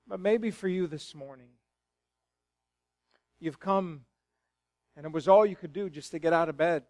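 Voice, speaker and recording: A middle-aged man preaches a sermon in a church sanctuary, his voice sitting high for a man. He swings between quiet, hushed storytelling and loud, fervent exclamations. The sound is dry and close, with little room echo. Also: unhurried. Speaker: pastor.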